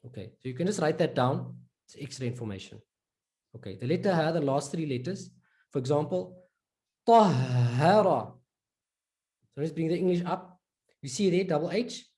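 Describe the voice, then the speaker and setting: A man teaching a recorded lesson, patiently repeating example words slowly and drawn out, with casual "right?" and "okay" check-ins. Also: a little high, expressive, darkish tone. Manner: informal, fillers like "right?" and "okay".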